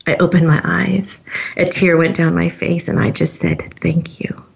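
A woman's voice: on the low side, level tone, normal speed, gravelly, lo-fi sound. A woman hosting a podcast, telling a personal story in an earnest, heartfelt way straight to her listeners. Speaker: podcast host.

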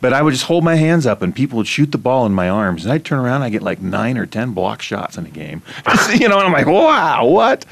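A middle-aged man from Iowa, hosting a casual conversation and telling stories with animated laughter. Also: mid-range voice, fast, creaky. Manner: animated storytelling, laughs often. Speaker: host.

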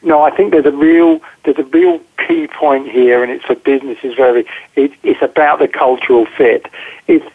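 A man's voice: mid-range voice, fairly even intonation, normal speed, husky. A man interviewed as a guest over the phone, talking directly and emphatically and often repeating words as he thinks. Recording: tinny phone line.

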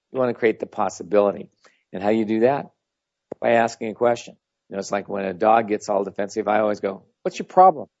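A man's voice: fairly low pitch, creaky, darkish tone, dry recording. A man giving a casual, rambling talk as a spiritual teacher, blunt and full of anecdotes. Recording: dull lo-fi audio.

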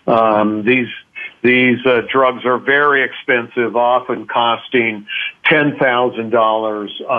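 A man speaking as a doctor guest in a radio interview, explaining patiently with frequent hesitations. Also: medium pitch. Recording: phone line.

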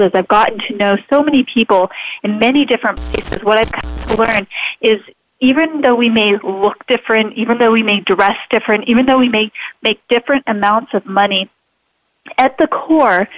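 A woman's voice: mid-range voice, no room sound. A woman hosting an interview show, speaking in an earnest, inspirational way. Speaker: show host. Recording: dull lo-fi, dry sound.

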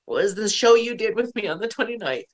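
A middle-aged woman hosts a show and talks in a relaxed conversational way. She tells a personal story with feeling and breaks into laughs now and then. Her pitch sits in an ordinary middle range. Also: brisk. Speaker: podcast host. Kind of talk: casual conversation.

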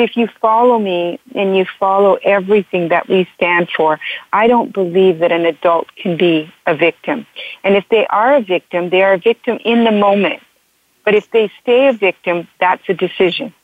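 A woman's voice: medium pitch, no echo. A woman author and couples counselor telling her story in an interview, earnest and emotional, often repeating herself. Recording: dry tinny phone line.

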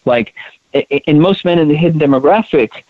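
A man's voice: on the high side, a little fast, no echo. A man being interviewed as a guest, talking earnestly and emphatically, often repeating words as he restarts his sentences. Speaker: interview guest, co-founder of a women's leadership project. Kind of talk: conversational interview. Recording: tinny phone-line sound, dry.

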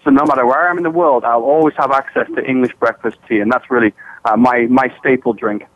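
A man's voice: medium pitch, fairly even intonation, fast talker, no echo. A man as a radio show guest, chatting casually and hesitantly with lots of fillers. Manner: hesitant, many fillers, friendly. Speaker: guest consultant. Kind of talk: casual chat. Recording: dull dry phone-in line.

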